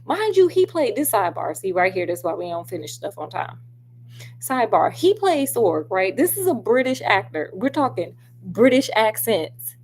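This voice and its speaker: Woman, chatty film review, animated asides, mid pitch, faint hum behind. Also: normal speed. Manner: animated, talks straight to viewers, lots of asides. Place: at home doing crafts.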